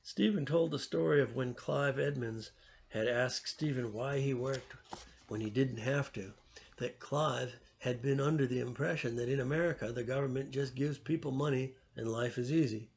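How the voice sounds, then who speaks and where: A man reads a story aloud in a steady, even way. His voice sits at a middle pitch with a noticeable gravelly grain. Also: moderate pace.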